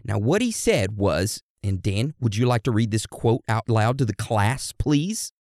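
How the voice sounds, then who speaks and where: In clean studio sound with no room ambience, a man with a lowish, slightly mellow voice and lively intonation tells history at a measured pace. He frames it as a crude, irreverent comedy lesson packed with slang and swearing, speaking to his listeners as if they were a class.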